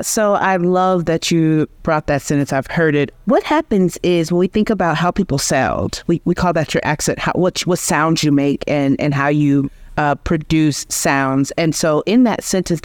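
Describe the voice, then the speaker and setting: A woman from Georgia, a linguistics researcher, explaining speech sounds in a measured, teacherly way as an interview guest. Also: deep voice, no echo, studio quality. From Georgia, USA. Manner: measured, teacherly, restarts phrases.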